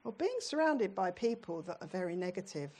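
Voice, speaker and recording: A woman's voice: medium pitch, very animated, fairly quick, darkish tone. A middle-aged British woman preaching a sermon in a church, in a conversational way, often putting questions to her congregation.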